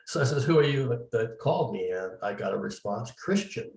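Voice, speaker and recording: A man's voice: mid-range voice, lively intonation, a little fast, vocal fry, a little mellow, a little hiss or hum. A man being interviewed, telling his story casually and acting out the dialogue he quotes. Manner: recounts events at length, acting out quoted dialogue. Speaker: interview guest, medium. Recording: roomy, distant mic.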